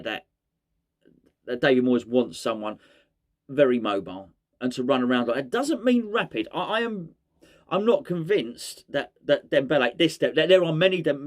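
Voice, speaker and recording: Rambling, jokey man. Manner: rambling, jokey, pitch jumps when excited. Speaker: fan channel host. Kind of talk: casual football chat.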